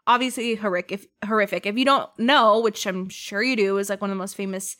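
A woman's voice: medium pitch, fairly even intonation, quick pace, a bit bright. A woman co-hosting a podcast, chatting casually about a book she read, laughing often and acting out quotes. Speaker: podcast co-host.

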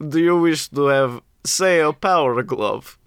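A man's voice: unhurried, clear, resonant tone, dry recording, clean studio sound. A man voicing a sly, grinning goblin-like tempter with a put-on Eastern European accent. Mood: sly, tempting. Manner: theatrical, lowered voice.

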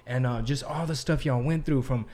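Chill guy on a podcast, slangy, says yeah a lot. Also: mid-range voice. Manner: relaxed, lots of quick yeahs and slang. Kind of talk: casual chat.

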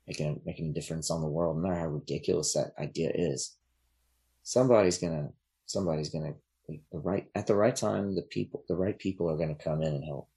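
A man talking as a podcast guest in casual chat, relaxed and rambling, with many fillers and restarts. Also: rumbling low, quick pace, husky.

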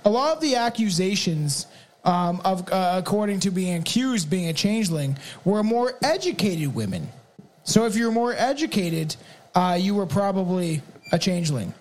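A man's voice: high voice, expressive, normal speed, a little mellow. A man co-hosting a podcast, reading folklore notes in casual chat with frequent laughs and restarts. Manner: rambling, laughing often, restarts. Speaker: podcast co-host.

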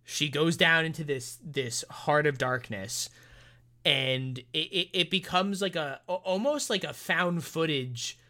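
A man co-hosting a film review podcast, retelling the plot in a rambling, animated way with many restarts and fillers. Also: fairly high pitch, a little slow. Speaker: podcast co-host. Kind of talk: casual film review chat.

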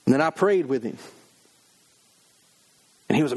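A man's voice: on the high side, expressive, fairly quick, a little mellow. A middle-aged man preaching a sermon, emphatic, acting out the voices of people he quotes. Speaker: pastor.

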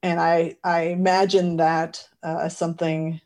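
A woman's voice: fairly low pitch, flat delivery, a little slow, a little mellow. A woman interviewer in casual conversation, chatty and friendly, laughing easily.

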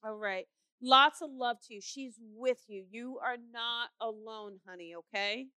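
A middle-aged woman hosts a call-in show as a psychic medium, passing on reassuring messages to callers. Her voice is bright and crisp, a little higher than most. The sound is dry and close. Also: a little slow, no room sound. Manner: warm, reassuring, calls callers honey. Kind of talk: call-in radio show reading.

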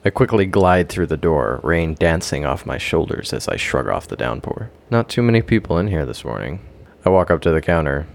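A man narrating a dramatic first-person story in a theatrical, expressive way. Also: a bass voice, moderate pace, vocal fry.

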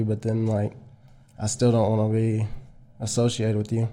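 A man's voice: lowish voice, monotone, normal speed, mellow. A man hosting a casual podcast chat, talking candidly and restarting his sentences often. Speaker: podcast host.

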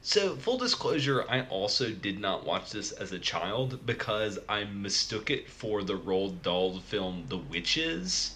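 A man with a low but lively voice speaks slowly and dryly, dropping film trivia in casual podcast chat. His tone is bright and a little sharp. A faint hiss of background noise sits under him. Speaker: podcast co-host.

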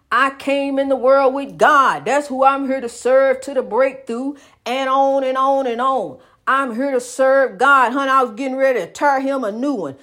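High-voiced woman preaching with rising fervor. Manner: rhythmic, repeats phrases, calls listener honey; rises into loud exhortation. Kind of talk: preaching testimony.

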